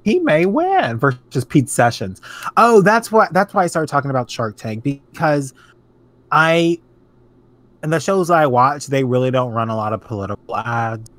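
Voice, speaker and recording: A man's voice: medium pitch, sing-song, normal speed, fairly bright tone, no room sound. A man co-hosting a casual podcast chat, ranting animatedly and swearing freely. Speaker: podcast co-host.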